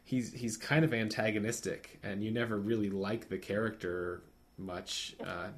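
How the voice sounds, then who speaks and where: Guy chatting casually, lowish voice, keeps restarting his sentences, thinking out loud. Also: steady tone. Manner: halting, many restarts, musing. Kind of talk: casual chat.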